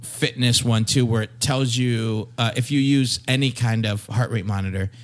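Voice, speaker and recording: A man's voice: medium pitch, steady tone, normal speed. A man hosting a casual podcast chat, rambling with lots of fillers and joking around. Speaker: podcast host.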